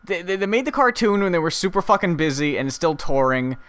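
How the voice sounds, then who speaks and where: A man's voice: a little high, expressive, a little fast, fairly bright tone, clear, resonant tone. A man co-hosting a podcast in casual chat, laid-back and dry, riffing in long asides. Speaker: podcast co-host.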